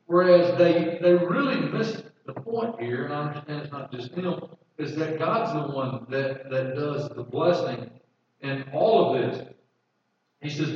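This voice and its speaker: Here a man with a fairly high voice preaches at normal speed, reading passages of scripture and unpacking them in a chatty way, with many repeated words. It's captured from afar, so the sound is dull and roomy, and some slight background noise comes through.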